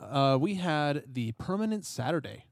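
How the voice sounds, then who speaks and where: A man co-hosting a casual podcast, relaxed and rambling, often filling with "like". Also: a little high, normal speed, dry recording, clean studio sound. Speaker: podcast co-host. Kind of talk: casual chat.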